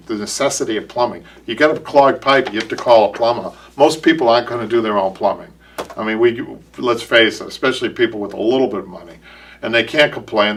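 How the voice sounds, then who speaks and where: Casually chatting on his live upholstery show, a Boston-accented shop owner rambles, repeating words and starting over. His voice is mid-range with a fairly bright tone, and the recording is from a distance.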